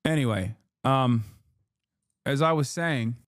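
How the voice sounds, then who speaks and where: A man livestreaming political commentary, reacting to his chat with a profane, combative, rapid-fire delivery. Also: medium pitch, no echo, clean studio sound. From lives in California.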